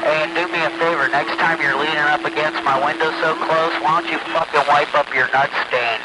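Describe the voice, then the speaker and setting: A man's voice: on the high side, fairly even intonation, a little fast. A man trading profane, taunting insults with other callers on a radio channel. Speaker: CB radio user. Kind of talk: trash-talking radio banter. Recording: noisy radio transmission.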